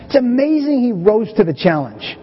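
A middle-aged pastor preaching a conversational, animated sermon to his church. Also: very high voice, normal speed, breathy edge. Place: church sanctuary. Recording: dull, hazy recording with long church reverb.

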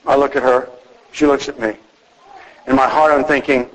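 Man preaching in a slightly high voice. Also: normal speed, fairly bright tone, long reverb tail, poor audio. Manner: conversational preaching with personal stories. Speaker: pastor. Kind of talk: sermon.

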